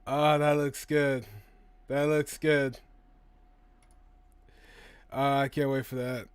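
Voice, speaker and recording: A man's voice: mid-range voice, flat delivery, slow pace, smooth, no room sound. A man hosting a casual live stream, reading out and answering chat questions in a chatty, profane way, laughing easily.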